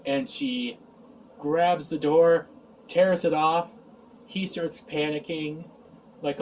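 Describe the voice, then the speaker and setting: A man's voice: a little high, a little mellow, distant mic, a little hiss or hum, rough recording. A man recapping an episode in a casual review, sarcastic and exasperated, sighing and mocking the lines he quotes.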